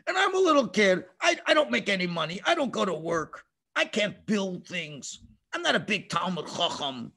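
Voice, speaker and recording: A man's voice: high-pitched, big pitch swings, normal speed, gravelly, bright, forceful tone, pitched below the performer's own voice, exaggerated voice. A man voicing a small child who says he is unimportant, in a plaintive tone.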